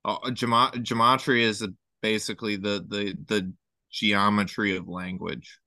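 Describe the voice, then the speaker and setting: A man talking as a podcast guest, earnest and halting, often restarting his sentences. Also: fairly low pitch, level tone, bright, forceful tone, dry recording. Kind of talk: casual chat.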